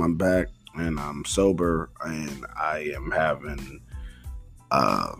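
A young man telling a rambling story in a casual monologue, slangy and profane, laid-back. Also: deep voice.

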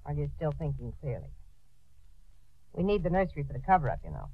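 A woman's voice: low-pitched, big pitch swings, quick pace, breathy edge, heavily acted. An actress playing a cool, scheming young woman accomplice, wry and unflappable, in old-time radio drama style. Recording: dull dry old radio recording.

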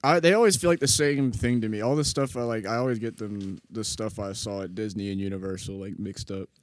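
Laid-back, low-voiced male podcast host. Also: brisk, dry recording. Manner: laid-back, hesitant with fillers, swears. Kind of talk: casual chat.

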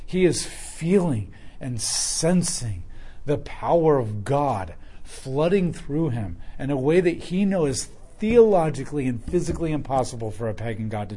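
Earnest husky male preacher. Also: medium pitch, darkish tone. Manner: earnest, emphatic, conversational. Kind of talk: sermon.

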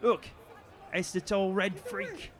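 A man voicing a cruel young male town guard who taunts and shouts insults. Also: high voice, very animated, slow pace, a faint crowd, voice pushed up, full character voice. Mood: taunting.

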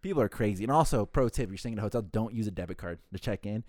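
Dude ranting about hotel callers, talks real fast, swears a lot, dry close sound. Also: male voice, lowish voice, a little mellow, dry recording. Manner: fast, profane, acts out callers' lines. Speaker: hotel front desk worker. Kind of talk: casual storytelling chat.

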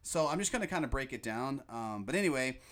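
A man hosting a podcast, chatting casually and excitedly about a movie, often quoting its lines. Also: mid-range voice, fast talker. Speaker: podcast host.

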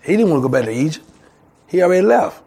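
A man's voice: fairly high pitch, big pitch swings, fast, mellow, husky. A man preaching a sermon as pastor, calling out to the congregation and acting out voices. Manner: call-and-response preaching, acts out voices. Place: church.

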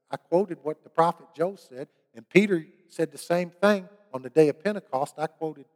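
A man's voice: sits high, big-room sound. A middle-aged man preaching a sermon, telling a personal story in an earnest way and rising to emphatic preaching. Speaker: pastor.

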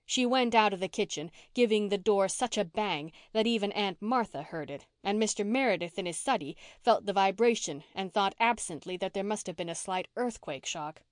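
This is an audiobook of a classic novel, read by a woman whose voice sits in the middle range. She narrates from a script in a measured, expressive way, and the studio recording is dry and clean.

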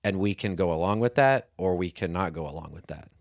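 Deep-voiced man, thoughtful co-host. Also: no room sound, clean studio sound. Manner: thoughtful, measured, reflective. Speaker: podcast co-host. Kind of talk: casual faith discussion.

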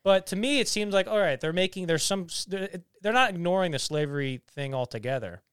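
A man's voice: high-pitched, animated, fairly quick, fairly bright tone, clear, resonant tone, dry recording, clean studio sound. Rambling young man reviewing a movie. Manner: rambling, heavy on fillers and restarts; teasing, joking banter. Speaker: podcast co-host. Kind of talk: casual movie review chat.

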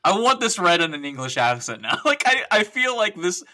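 A man's voice: high voice, big pitch swings, a little fast, pushed and bright. A man chatting and joking on a gaming podcast, laughing often, swearing freely and stumbling while reading text aloud. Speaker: podcast guest. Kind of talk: casual podcast banter.

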